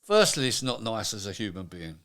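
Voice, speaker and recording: A man's voice: on the low side, sing-song, fairly quick, a bit bright. An older man, a retired executive chatting in an interview and acting out what people said to him. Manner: chatty, acts out quoted dialogue. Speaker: retired manufacturing executive, guest. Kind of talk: casual interview.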